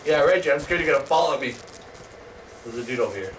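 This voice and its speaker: A man hosting live gameplay commentary, excitable, swearing and yelling at opponents. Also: fairly high pitch, fast. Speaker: gaming channel host. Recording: distant mic, noisy background.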